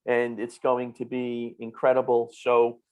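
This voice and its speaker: A man's voice: medium pitch, monotone, unhurried, darkish tone, clean tone. Man, New Jersey accent, podcast host, upbeat, playful, casual interview chat.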